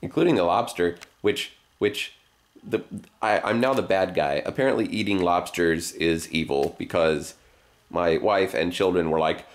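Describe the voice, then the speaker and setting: A man's voice: low-pitched, moderate pace. A man chatting casually in a family vlog, rambling and joking, with lots of "like". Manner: rambling, jokey, full of "like" and restarts. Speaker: family vlogger.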